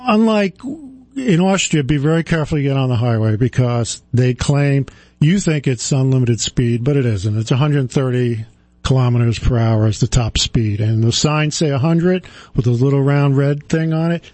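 A man's voice: medium pitch, moderate pace, a little mellow, dry recording. A middle-aged man who hosts a radio show tells a travel story in a rambling way, with plenty of fillers and restarts. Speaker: radio host. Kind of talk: casual on-air storytelling.

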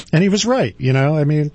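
Mellow, halting man in his sixties. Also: a little high, dry recording. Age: 60s. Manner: halting, with frequent fillers and restarts. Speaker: financial advisor. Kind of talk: reflective personal talk.

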